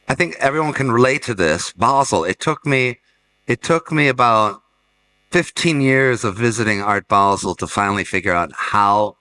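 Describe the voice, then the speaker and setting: A man's voice: medium pitch, bright, forceful tone, poor audio. A man, an art fair director, chatting on a panel and telling anecdotes with restarts. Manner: anecdotal, restarts and laughs while telling stories. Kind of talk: casual panel conversation. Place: fair talk stage.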